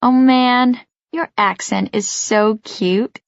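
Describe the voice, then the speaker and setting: A woman voicing a cheerful, teasing young man from New York in an audiobook, in a relaxed, grinning manner. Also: on the high side, takes it slowly, creaky, no echo, dull audio. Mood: amused. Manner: easygoing, grinning.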